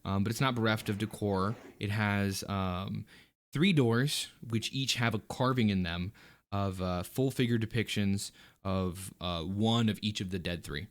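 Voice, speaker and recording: Brief: lowish male game master, halting delivery, lots of ums and restarts. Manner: halting, full of fillers and restarts. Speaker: dungeon master. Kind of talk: narrating a tabletop game.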